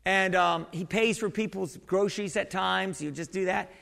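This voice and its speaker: A male pastor delivers a chatty, rambling sermon, often breaking off to quiz his congregation. His voice sits high and has a gravelly edge. It carries a long reverb from the church hall around him. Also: moderate pace, fairly bright tone. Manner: conversational preaching with many restarts and questions to the congregation. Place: church sanctuary.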